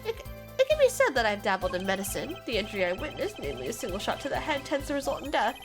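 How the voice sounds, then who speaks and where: A woman's voice: on the high side, huge pitch swings, fast. A woman voicing a fussy, pompous male scientist witness in a formal, long-winded way, read from a game over its music. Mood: haughty. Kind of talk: reading game dialogue aloud.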